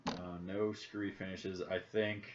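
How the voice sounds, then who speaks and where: In a low-pitched, unhurried voice with little pitch movement, a young Midwestern man co-hosts a podcast while gaming. He rambles, jokes and thinks aloud in casual chat, recorded on dull lo-fi audio with faint background noise.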